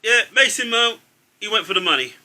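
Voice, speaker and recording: A man's voice: sits high, lively intonation, brisk, sharp tone. A middle-aged man, a father ranting about football in casual banter, tacking "mate" onto nearly every phrase. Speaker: co-host, father.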